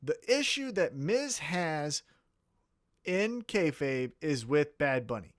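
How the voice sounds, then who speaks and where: Animated, profane wrestling podcast man. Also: a little high, a little slow, no room sound, studio quality. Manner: animated, profane, acts out mock quotes. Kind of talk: casual podcast chat.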